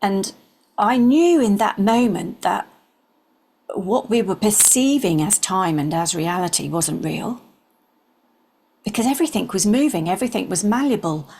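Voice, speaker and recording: Husky, gravelly older woman telling a story. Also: mid-range voice, animated, a little slow. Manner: earnest, drops into soft whispers. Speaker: interview guest. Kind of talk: personal storytelling.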